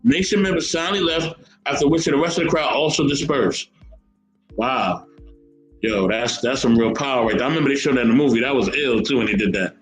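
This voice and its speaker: A man's voice: medium pitch, brisk, reverberant, soft background music, low-quality recording. A man hosting a casual podcast, chatting and reading history aloud, often repeating his words. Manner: animated, repeats words, reads chat comments aloud. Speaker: podcast host.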